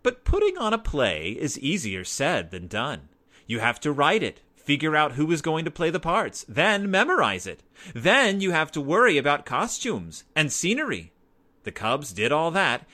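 A man narrating a children's storybook aloud in an expressive, animated way. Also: mid-range voice.

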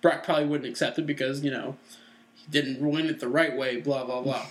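A man's voice: medium pitch, steady tone, a little fast. A man in his twenties co-hosting a casual chat show, opinionated and full of "you know" fillers. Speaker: co-host.

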